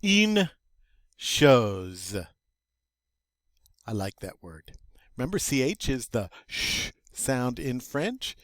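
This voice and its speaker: An older man, teaching French vocabulary in a slow, patient, folksy way, drawing out each word. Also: mid-range voice, very animated, no room sound, studio quality. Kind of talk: recorded vocabulary lesson.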